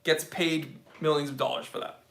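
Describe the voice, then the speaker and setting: A man's voice: a little high, steady tone, normal speed, creaky, a bit bright, echoey room. An American man hosting a live Q&A stream, casual and joking as he reads viewer comments aloud. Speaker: host.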